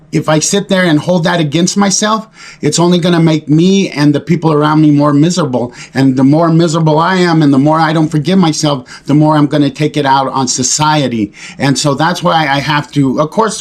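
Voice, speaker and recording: A man speaking earnestly and reflectively to camera in a confessional talk, pausing and restarting often. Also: a little high. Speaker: recovery vlogger.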